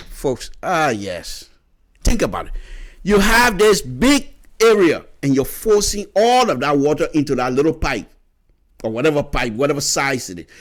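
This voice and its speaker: A man with a Liberian accent giving an opinionated talk on public radio, lecturing and explaining step by step, often repeating words as he goes. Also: sits high. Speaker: radio commentator.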